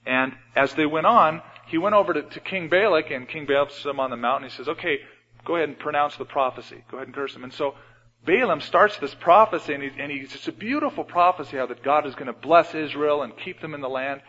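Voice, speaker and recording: A man preaching a sermon in a church, retelling Bible stories and often changing his loudness. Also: on the high side, a little fast. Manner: storytelling, acts out Bible scenes with shifts in loudness. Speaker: pastor. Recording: dull radio broadcast with long hall reverb.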